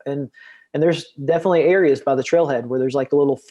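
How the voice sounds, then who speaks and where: A man's voice: mid-range voice, quick pace, dark tone, dull audio. A young man, a guest outdoor educator, talking in a rambling casual podcast chat full of fillers and restarts.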